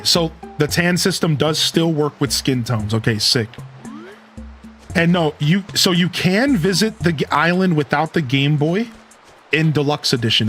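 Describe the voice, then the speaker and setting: Playing a modded life-sim game on a live stream, this man talks casually and slangily, both to viewers and to himself. His voice sits on the high side.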